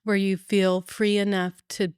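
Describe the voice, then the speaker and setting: A woman's voice: medium pitch, little pitch movement, measured pace, smooth, no room sound, clean studio sound. A woman, a mental health clinician, talking in a reflective, supportive and teacherly way on a podcast. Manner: warm, supportive, teacherly, speaks in lists of words.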